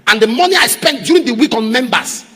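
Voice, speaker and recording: A man preaching a sermon as pastor, repeating refrains and rising to shouts. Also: very high voice, sing-song, quick pace, slightly rough. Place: large church auditorium. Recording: echoey church hall.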